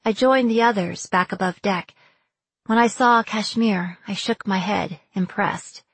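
A woman narrates a first-person adventure story with measured, even storytelling. Her voice carries a husky, breathy grain. The recording is dry and close, with no room sound. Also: mid-range voice, no echo. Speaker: audiobook narrator.

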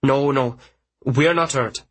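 Audiobook role: man doing a measured, husky-voiced teen boy, pitched up, every word carefully articulated. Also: fairly bright tone. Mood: tense but calm. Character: calm, careful teenage boy on an emergency call. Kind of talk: audiobook character voice.

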